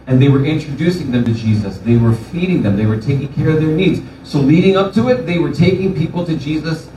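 A man's voice: medium pitch, warm tone, a little hiss or hum. A male pastor giving a sermon, telling the story animatedly and putting on voices for the people in it. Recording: echoey room from far off.

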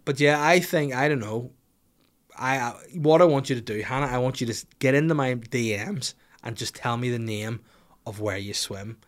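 A man's voice: mid-range voice, normal speed. A man hosting a casual podcast, answering listener questions in a rambling, profane, jokey way. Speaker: podcast host.

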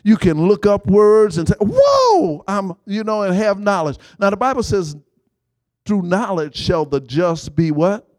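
Lively high-voiced male preacher. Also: a little slow, no room sound. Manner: call-and-response, prompting the congregation with "what?"; animated, rising to shouts. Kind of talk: sermon.

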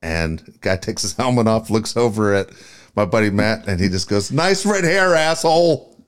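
A man co-hosting a casual podcast, telling a story in a relaxed, swearing way. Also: fairly low pitch, normal speed. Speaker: podcast co-host.

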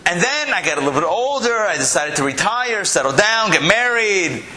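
A man's voice: high voice, very animated, moderate pace, sharp tone, slight background noise, voice pushed up, full character voice, poor audio. Man voicing a boastful retired spy dog. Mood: proud. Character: retired male spy dog, proud storyteller.

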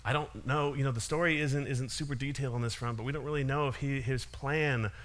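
A man's voice: medium pitch, steady tone, a little fast, fairly bright tone. A man giving a casual sermon, retelling a parable with frequent small laughs and restarts. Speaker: preacher.

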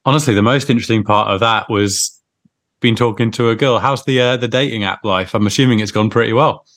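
A man co-hosting a football podcast talks in a low voice. His delivery is chatty and joking, and he drifts into trivia asides. The sound is dry and close. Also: a little fast, a bit bright, no room sound. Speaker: podcast co-host. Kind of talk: casual chat.

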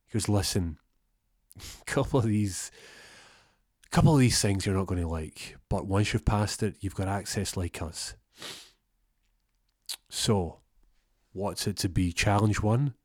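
A young man telling a rambling comic story, deadpan, acting out both sides of the conversation. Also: lowish voice, slow, long pauses, slightly rough, no echo, clean studio sound. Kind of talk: comic storytelling with acted-out dialogue.

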